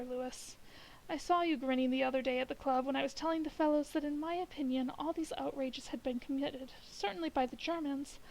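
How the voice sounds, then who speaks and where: A woman reading the lines of an earnest gentleman who calmly presses a strange theory. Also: high-pitched, low-quality recording. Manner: measured, insistent. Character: earnest middle-aged gentleman building a theory.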